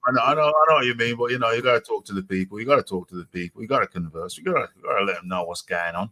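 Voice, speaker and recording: Chatty teasing man, bright voice. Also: on the low side, animated, racing. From United Kingdom. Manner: chatty, teasing, repeats phrases for emphasis; calls himself by name in the third person. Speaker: host. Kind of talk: casual chat on a live show.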